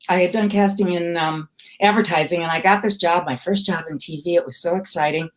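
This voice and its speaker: A woman's voice: lowish voice, fairly even intonation, fairly quick. An older woman from Milwaukee, a comedy writer telling wry, self-deprecating stories in an interview. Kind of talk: storytelling interview.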